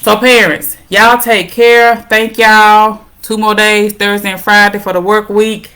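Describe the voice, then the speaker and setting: A middle-aged woman hosting a parenting talk show, speaking casually and warmly to her viewers, calling them "y'all". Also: mid-range voice, completely flat delivery, measured pace. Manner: warm encouraging, addresses viewers as "y'all".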